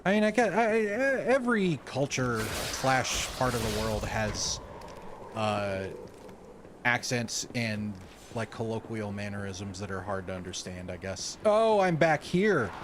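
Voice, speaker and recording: A man's voice: on the low side, a little slow, noisy background. Chatty man streaming a game. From Southern United States. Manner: chatty, exclaims at the game, frequent restarts. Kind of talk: casual gaming stream chat.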